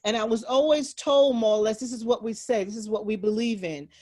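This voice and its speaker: Higher-voiced woman cohost, thoughtful and measured, reflecting back. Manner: thoughtful, measured, with steady listening murmurs. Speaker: podcast co-host. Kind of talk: reflective casual chat.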